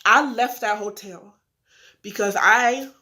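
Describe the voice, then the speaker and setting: A woman's voice: a little high, takes it slowly, pushed and bright. An eighteen-year-old woman telling viewers about her life in a candid, earnest way, upset but holding back tears. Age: young adult. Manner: talks directly to viewers, acts out phone calls. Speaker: vlogger. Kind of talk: casual confessional vlog.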